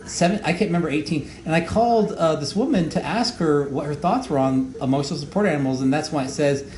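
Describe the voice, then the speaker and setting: A man's voice: fairly high pitch, a little mellow. Guy rambling through a commentary track, lots of uh's and restarts, echoey room, bit of hiss. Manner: rambling, halting with many fillers and repeated words. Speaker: show creator giving commentary. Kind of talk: casual audio commentary. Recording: echoey room with faint noise.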